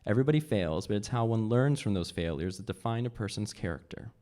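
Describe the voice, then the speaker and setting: A man reading aloud from his own novel at a live event, measured, lifting his voice for the characters' lines. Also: lively intonation, dark tone. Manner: measured, voices dialogue with pitch jumps.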